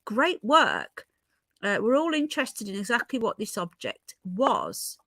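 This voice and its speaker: A middle-aged woman with a British accent chats through news stories on her livestream and keeps breaking off to greet viewers by name. Her voice sits a little high, and it is recorded close and dry, with no room sound. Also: huge pitch swings, unhurried, a bit bright, dry recording. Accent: British English. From Britain. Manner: chatty, rambling, greets viewers mid-sentence. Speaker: livestream host. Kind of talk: casual livestream chat reading news.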